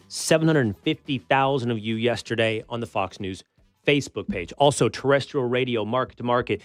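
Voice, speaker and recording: A man's voice: medium pitch, dry recording. A man hosting a talk show, talking in a pointed conversational way as he challenges his guest. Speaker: show host.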